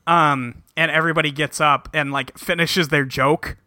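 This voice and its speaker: A man's voice: a little high, fairly even intonation, moderate pace, pushed and bright, no echo, studio quality. A man hosting a casual podcast, recapping an episode in a rambling way with lots of filler words. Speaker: podcast host recapping a show.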